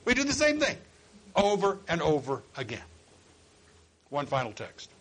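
Guy preaching a sermon, kinda high voice, goes quiet then loud, acts out little voices. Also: wildly swooping pitch, moderate pace, low-quality recording. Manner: swings from low quiet asides to loud high exhortation; acts out quoted voices of listeners and God.

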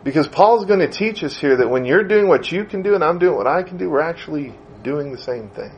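Middle-aged male preacher with a slightly high voice, chatty sermon delivery. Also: a little fast, lo-fi sound, slight background noise. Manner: conversational, animated, acts out quoted voices.

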